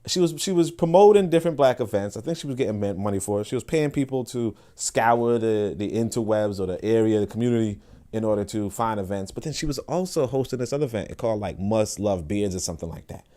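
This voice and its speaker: A man hosting a podcast, talking in an animated, casual way with frequent restarts and asides to listeners. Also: fairly low pitch, fast. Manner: laughs and asks listeners for agreement. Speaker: podcast host. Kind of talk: casual monologue.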